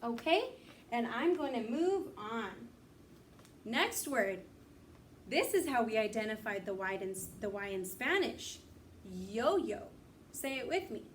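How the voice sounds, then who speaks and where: A young woman teacher giving a slow, sing-song phonics lesson to young children, drawing out the letter sounds. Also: fairly high pitch, sing-song, far from the mic, a little hiss or hum. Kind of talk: recorded kindergarten phonics lesson.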